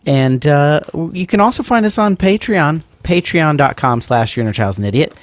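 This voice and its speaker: A man's voice: fairly high pitch, animated, moderate pace. A man co-hosting a casual podcast, joking and reading out listener credits. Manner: jokey, slips into mock courtroom accents. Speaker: podcast co-host.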